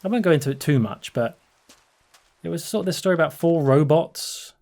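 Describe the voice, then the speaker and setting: A man's voice: a little high, brisk, gravelly, a little mellow. A man who hosts a channel, chatting casually and rambling through a story, laughing often and restarting his sentences. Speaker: channel host.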